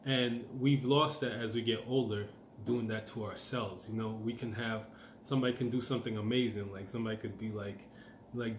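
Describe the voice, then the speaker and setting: A man's voice: fairly low pitch, fairly even intonation, fairly quick, echoey room, slight background noise. A middle-aged man giving a casual, encouraging self-help talk as a manifestation coach, repeating his points and using lots of fillers.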